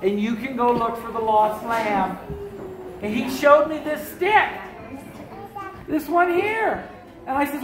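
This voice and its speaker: A woman telling a story live in the first person and in character, animated and playful, voicing the other people in her tale. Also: on the high side, unhurried, background noise. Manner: animated, playful, with voiced-out dialogue. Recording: echoey room with a live audience.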